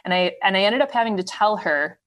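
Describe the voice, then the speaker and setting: A woman guest telling a candid, animated story in casual conversation. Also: mid-range voice, fast. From Wisconsin. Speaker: podcast guest.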